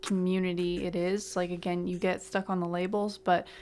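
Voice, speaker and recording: A woman's voice: on the low side, little pitch movement, moderate pace, a little mellow, clear, resonant tone. A woman co-hosting a casual interview, thinking aloud tentatively as she chimes in. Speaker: podcast co-host.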